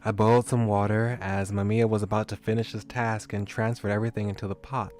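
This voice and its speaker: A man's voice: lowish voice, level tone, fairly quick, darkish tone. A man reading a visual novel aloud, chatty and self-deprecating, his voice getting scratchy. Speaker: streamer.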